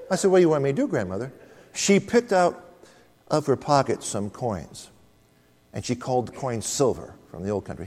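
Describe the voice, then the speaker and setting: A man's voice: mid-range voice, big pitch swings, fairly quick, darkish tone, big-room sound. A man preaching a sermon, emphatic and storytelling, calling out to the congregation. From United States. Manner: emphatic, storytelling, calls out Amen.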